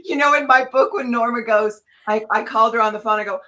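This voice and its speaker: A woman co-hosting a spiritual talk show, speaking in an inspirational, animated storytelling way. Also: fairly high pitch, fairly quick, few pauses, low-quality recording. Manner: animated storyteller acting out her own past voices.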